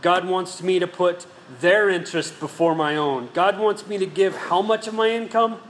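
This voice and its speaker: A man's voice: high voice, normal speed, a bit bright, slight background noise. A man, a pastor, giving a sermon, telling stories and asking the congregation questions. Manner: storytelling, rhetorical questions to the congregation. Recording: echoey hall with faint ambience.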